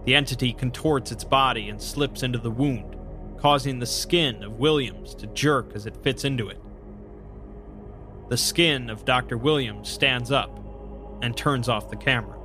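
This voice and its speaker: A young man narrating a horror story in measured, scripted fashion, with brief asides of his own. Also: medium pitch, faint music behind. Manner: calm, measured retelling of horror events with brief personal asides. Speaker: narrator and channel host.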